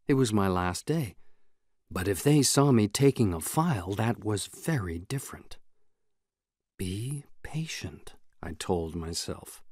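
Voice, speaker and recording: A man reading a novel aloud in the first person, in a measured, even way. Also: on the low side, dry recording, studio quality. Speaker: audiobook narrator. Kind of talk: scripted audiobook narration.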